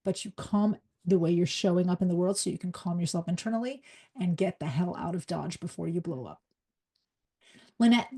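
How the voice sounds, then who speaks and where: A middle-aged woman, a leadership coach and former psychologist, giving a live workshop talk in a fast, direct, energetic way. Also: fairly low pitch, breathy edge.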